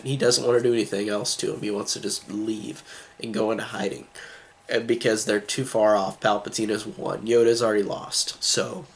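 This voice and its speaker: Guy rambling excitedly about a movie he loves, lots of likes and restarts, average pitch. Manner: enthusiastic, rambling, heavy with fillers and restarts. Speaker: movie reviewer. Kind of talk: casual spoken movie review.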